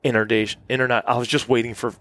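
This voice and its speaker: A man, a podcast guest, recounting a story in casual conversation, halting and restarting often and leaning on "like.". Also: medium pitch, level tone, a bit bright, dry recording. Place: cabin.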